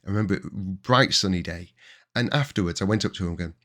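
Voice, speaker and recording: A man's voice: low voice, fast. Chatty Yorkshire man telling stories. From Yorkshire, England. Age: 40s. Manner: chatty and anecdotal, with bursts of excited emphasis. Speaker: podcast host. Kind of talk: casual storytelling monologue.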